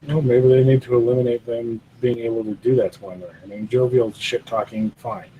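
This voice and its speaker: A man's voice: mid-range voice, steady tone, a little fast, narrow, tinny audio, a little hiss or hum. A man co-hosting a casual gaming podcast, talking bluntly and steadily as he reasons things out. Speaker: podcast co-host. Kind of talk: casual chat.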